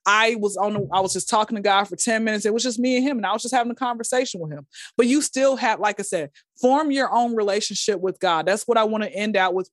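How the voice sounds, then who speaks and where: A woman, a podcast guest, telling stories in a casual, animated way and acting out quotes in a high voice. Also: dry recording, studio quality. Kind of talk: casual storytelling chat.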